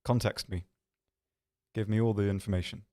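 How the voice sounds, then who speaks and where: A man's voice: fairly low pitch, fairly even intonation, moderate pace, a little mellow. Rambling man hosting a game stream. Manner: rambling, self-deprecating, lots of ums and restarts. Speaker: stream host. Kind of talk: casual livestream chat reading viewer questions. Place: office.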